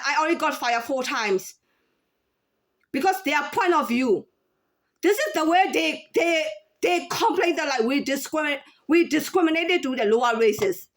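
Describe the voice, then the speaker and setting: A woman in her thirties or forties speaking in a casual unscripted monologue, halting with many fillers and restarts. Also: high-pitched, a bit bright. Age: 30s to 40s. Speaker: former store employee.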